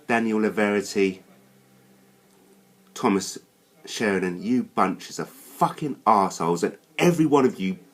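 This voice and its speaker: A man hosting his own channel delivers a furious, swearing rant to camera, sinking into low growls before bursting out high. He speaks at a moderate pace with long pauses.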